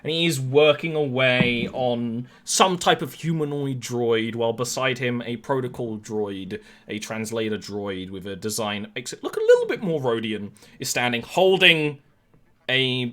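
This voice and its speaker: A man's voice: mid-range voice, animated, moderate pace, a bit bright. A man narrating as game master of a tabletop game, with easygoing, rambling descriptions full of fillers.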